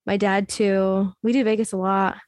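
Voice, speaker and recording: A woman's voice: medium pitch, flat delivery, moderate pace, a little mellow, dry recording, clean studio sound. A young woman in casual podcast chat, talking in an easygoing way and laughing often.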